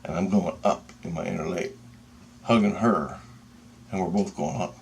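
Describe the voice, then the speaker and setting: A man telling a personal story in a casual, excitable and profane way, with pauses and restarts. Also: low-pitched, creaky, a little hiss or hum.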